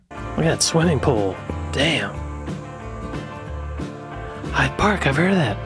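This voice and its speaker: A man hosting a reaction video. He talks in a playful, joking way and often drops into soft whispered asides. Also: medium pitch, very animated, measured pace, pauses often, faint music behind. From United States. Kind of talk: casual reaction commentary.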